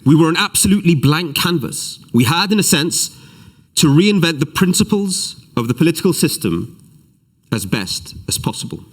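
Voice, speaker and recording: A man's voice: fairly high pitch, very animated, moderate pace, voice pushed up. A man reading out the words of a male spin doctor in a put-on cartoonish voice. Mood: reflective. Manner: quoted passage read aloud in a put-on cartoonish voice. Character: male post-Soviet spin doctor, calm and reflective.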